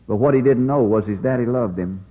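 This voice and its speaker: Folksy preacher on tinny radio. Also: male voice, medium pitch, brisk, long reverb tail. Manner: folksy, pleading preaching with dramatic storytelling. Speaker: evangelist preacher. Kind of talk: revival sermon.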